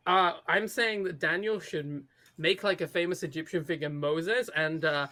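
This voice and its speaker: A British woman co-hosts a podcast in casual, sardonic chat, full of swearing. Her voice is bright and sharp. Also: on the low side, moderate pace. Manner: sardonic, profane, laughs often. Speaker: podcast co-host.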